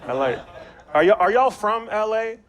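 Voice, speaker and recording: Animated young man doing stand-up. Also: high-pitched, moderate pace. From Maryland, USA. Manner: loose, chatty delivery with slang and audience banter. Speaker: stand-up comedian. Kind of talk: stand-up comedy set. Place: small comedy bar. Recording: live bar set with noticeable background noise.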